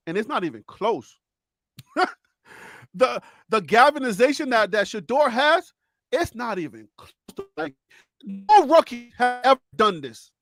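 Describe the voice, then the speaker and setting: A man with a Liberian accent hosting a live sports debate, excitable, repeating words and laughing often. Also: very high-pitched, unhurried, long pauses, faint music behind. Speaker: host.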